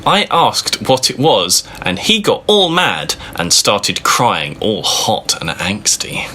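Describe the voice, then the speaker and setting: A man's voice: fairly low pitch, very animated, takes it slowly, bright, forceful tone, a little hiss or hum. A man giving a comic reading aloud, with sarcastic, amused asides and free swearing. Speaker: reader of a fan fiction. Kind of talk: comedic dramatic reading with mocking asides.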